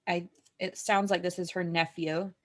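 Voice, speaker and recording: A woman's voice: lowish voice, little pitch movement, normal speed. A woman co-hosting a moms' group update in casual chat, talking with lots of fillers and easy laughter. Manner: chatty, with filler words and frequent laughter.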